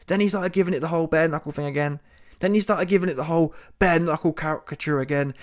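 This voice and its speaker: Brief: male commentator, slightly high voice, exasperated rant, restless delivery. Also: brisk. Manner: animated, exasperated, repeats himself. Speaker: comedy boxing commentator. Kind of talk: ranting reaction commentary.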